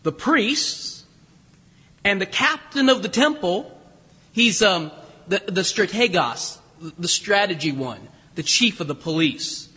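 Speaking slowly but with animation, a pastor delivers a sermon in a high, bright, slightly husky voice. He tells the story casually, joking and often restarting, as the long reverb of the church sanctuary rings out.

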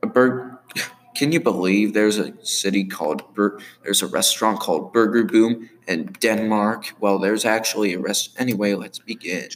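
A man casually commenting on his own animated series, rambling with many fillers. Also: lowish voice, moderate pace, a little hiss or hum.

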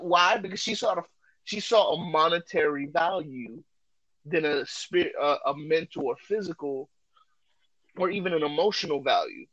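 A man co-hosting a podcast, talking loudly and joking in a casual, animated way. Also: on the high side, normal speed, no echo, low-quality recording. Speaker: podcast co-host.

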